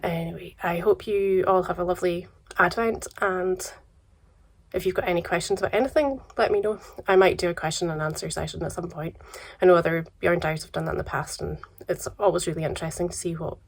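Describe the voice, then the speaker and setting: A Scottish woman chats casually to camera about yarn and advent calendars, her lowish voice croaky from a cold. She talks fairly quickly, relaxed and chatty, with soft asides that trail off.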